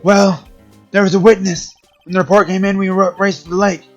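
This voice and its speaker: A man voicing a gruff, loyal male police detective who barks and blusters at his underlings while reading game dialogue on a stream. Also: high voice, flat delivery, a little fast, highs cut off, faint music behind, pitched above the performer's own voice, close to an everyday voice. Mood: blustering.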